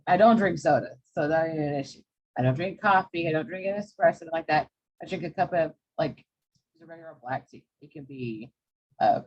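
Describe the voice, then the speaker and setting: A woman's voice: low-pitched, husky. A woman giving casual advice in a chatty, plain-spoken way that rambles a little. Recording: dull, muffled lo-fi sound.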